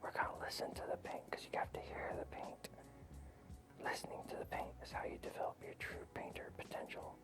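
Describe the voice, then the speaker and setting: Brief: whispered role-play, woman doing a breathy man in a hush, soft and earnest. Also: brisk, natural voice. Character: hushed man whispering intensely about paint.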